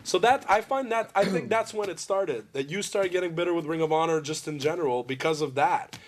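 A man's voice: a little high, a little fast, slight background noise. A man interviewing a friend, telling long rambling stories bluntly and swearing freely. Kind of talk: candid interview conversation.

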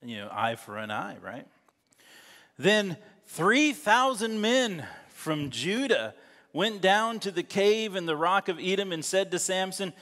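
A man with a high, sing-song voice and a slightly bright tone preaches a sermon as pastor at a measured pace, reading scripture aloud and breaking into joking, laughing asides. He's in a church sanctuary, and the recording carries a long hall reverb.

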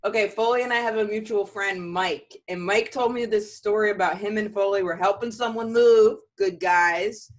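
Animated woman telling comic stories. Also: normal speed, hardly any pauses. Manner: rambling, animated, jumps into high-pitched quoted voices. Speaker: comedian and podcast host. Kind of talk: casual comedic storytelling. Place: home, video call.

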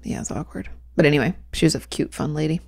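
A woman's voice: low voice, fast talker, vocal fry, a little mellow, no room sound, clean studio sound. A woman co-hosting a podcast, telling stories in a chatty way and laughing often. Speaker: podcast co-host. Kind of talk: casual chat.

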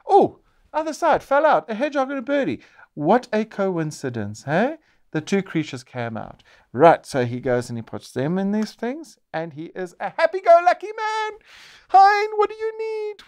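A man's voice: high voice, smooth. A man presenting a board game show, narrating each turn play-by-play and exclaiming as pieces come out.

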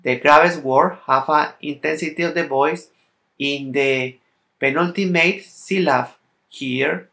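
Slow, bright-voiced man teaching a lesson. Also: fairly high pitch, gravelly. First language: Spanish. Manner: slow, careful, non-native English, reading out word lists. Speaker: Spanish teacher. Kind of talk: recorded language lesson.

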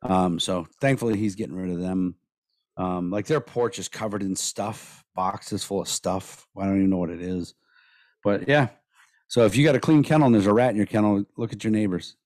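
A hoarse-voiced man co-hosting a podcast in loose, rambling chat, cursing freely and telling stories bluntly. His voice sits a little low and is recorded dry and close, with no room sound at all. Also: moderate pace, a little mellow, no room sound. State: hoarse from days of talking. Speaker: podcast co-host.

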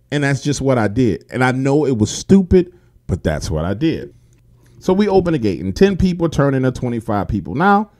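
Lively dark-voiced man telling a story. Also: medium pitch. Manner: animated, profane, talks straight to listeners. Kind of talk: casual first-person storytelling.

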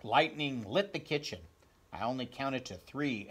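A man reading a children's picture book aloud, counting slowly and asking the listeners questions. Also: mid-range voice, expressive, a bit bright. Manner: clears throat, asks listeners direct questions, counts slowly. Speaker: storybook reader.

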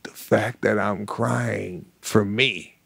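A man on a podcast, spinning a lively, dramatic story and acting out each line he quotes. His voice sits at an ordinary pitch and sounds dry and close to the mic. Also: slow pace, vocal fry, husky, dry recording. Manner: animated, dramatic retelling with acted-out quotes. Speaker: podcast co-host. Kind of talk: casual storytelling chat.

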